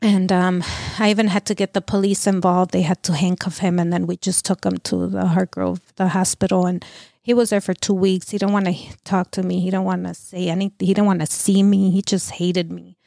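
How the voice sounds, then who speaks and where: A middle-aged woman telling her own painful story as an interview guest, halting and full of restarts and fillers. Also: lowish voice, level tone, creaky, mellow, no echo, clean studio sound. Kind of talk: emotional personal testimony.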